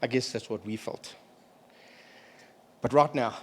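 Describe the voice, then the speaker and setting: A middle-aged man with a medium-pitched voice gives a eulogy at a family member's memorial. He speaks haltingly and with emotion, stopping now and then to clear his throat.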